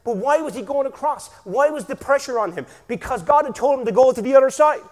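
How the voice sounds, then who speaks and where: A man preaching energetically in a church, with bursts of shouting and a constant "amen?". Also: very high-pitched, expressive, quick pace, big-room sound. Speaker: pastor. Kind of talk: sermon.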